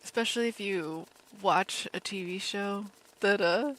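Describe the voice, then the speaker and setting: Calm, easygoing woman streamer. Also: mid-range voice, unhurried. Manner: calm, relaxed commentary; laughs easily. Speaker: game streamer. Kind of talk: casual live-stream chat over gameplay.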